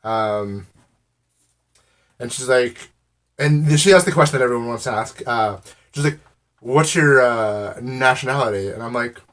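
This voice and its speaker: A man's voice: mid-range voice, a little slow, pauses often, fairly bright tone. An American man rambling through a casual story to camera, with a wry, amused manner. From United States. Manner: rambling, full of "I'm like" and fillers.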